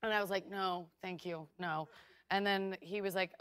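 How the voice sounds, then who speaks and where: A woman's voice: medium pitch, normal speed. A woman guest on a late-night talk show, animatedly telling an anecdote and acting out what people said. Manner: animated storytelling, acting out quotes.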